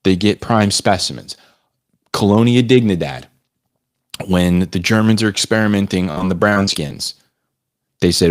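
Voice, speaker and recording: A man's voice: fairly low pitch, very animated, measured pace, pauses often. A man co-hosting a live podcast in casual chat, riffing at length and calling people "dude" and "bro". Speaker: podcast co-host.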